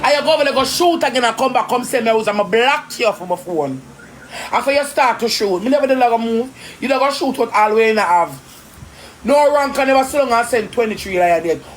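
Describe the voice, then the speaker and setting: Jamaican woman going off on a live stream, heated and confrontational, talking fast in patois. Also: on the high side, expressive, slight background noise. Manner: indignant, confrontational, rapid patois.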